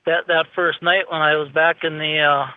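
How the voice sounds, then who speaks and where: A man with a Minnesota accent calling into a radio show, talking in a halting, plainspoken way full of "you know" and "I mean". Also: a little high, flat delivery. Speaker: caller, former patient. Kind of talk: phone-in interview. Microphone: telephone. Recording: muffled phone line.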